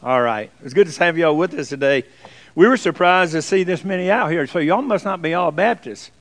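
A man's voice: on the high side, lively intonation, a little fast, rough recording. A man, a pastor giving a folksy, joking sermon to his congregation in church. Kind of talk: sermon with jokes.

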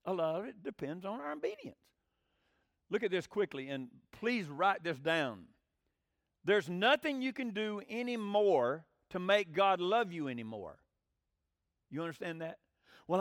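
A man's voice: high-pitched, a bit bright, no echo, studio quality. A male preacher, giving a folksy sermon, often asking the congregation questions and acting out quoted voices.

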